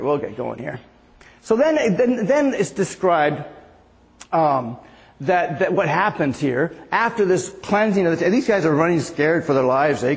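A man in his sixties giving a casual sermon as a pastor, telling stories with lots of restarts. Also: fairly high pitch. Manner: chatty storytelling with many restarts. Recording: echoey hall reverb.

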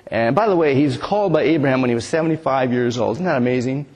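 A man's voice: medium pitch, quick pace, darkish tone, long reverb tail. A man in his sixties, a pastor giving a conversational sermon and often asking his listeners "right?". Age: 60s. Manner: conversational, asks the congregation "right?". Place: church sanctuary.

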